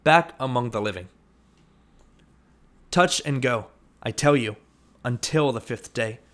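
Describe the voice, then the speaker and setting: A man narrating an audiobook, reading steadily and lifting his voice for shouted lines. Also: medium pitch, unhurried. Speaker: audiobook reader.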